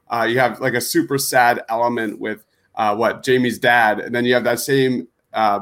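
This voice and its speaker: A man's voice: mid-range voice, a bit bright. Eager man, a guest on a podcast. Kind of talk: casual chat.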